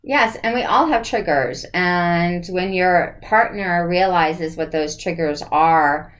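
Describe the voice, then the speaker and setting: A woman hosts the talk in an earnest, counseling way. She speaks slowly and deliberately, laying out her advice one point at a time. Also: deep voice. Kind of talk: advice-giving conversation.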